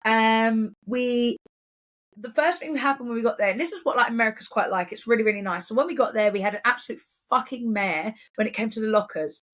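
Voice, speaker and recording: An English woman telling a story in casual podcast chat, swearing freely and quick to act out what people said. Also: fairly high pitch. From England. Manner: chatty, swearing, animated impressions in quotes. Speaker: podcast co-host.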